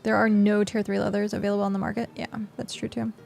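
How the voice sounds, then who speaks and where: Chatty young woman streamer, gravelly edge. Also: mid-range voice, level tone, fast, a little mellow, faint music behind. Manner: chatty, rambling, lots of fillers. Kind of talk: casual gameplay commentary.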